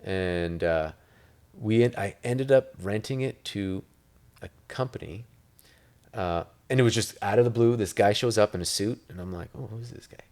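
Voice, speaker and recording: A man's voice: fairly low pitch, normal speed, darkish tone. A man from Italy, an interview guest talking about real estate in a loose, rambling way, full of filler words. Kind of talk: casual interview talk.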